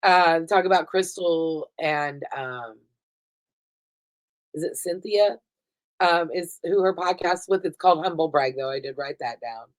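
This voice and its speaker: A woman's voice: deep voice, unhurried, low-quality recording. Profane, gushing woman recapping reality TV. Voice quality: profane, gushing, laughs often. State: high. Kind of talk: casual chat.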